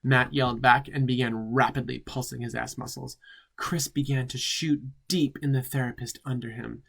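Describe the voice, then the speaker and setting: A man's voice: medium pitch, fairly even intonation, normal speed, vocal fry, fairly bright tone. Campy drag queen reading with sassy asides. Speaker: drag queen host reading fan fiction. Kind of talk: comedic reading with commentary.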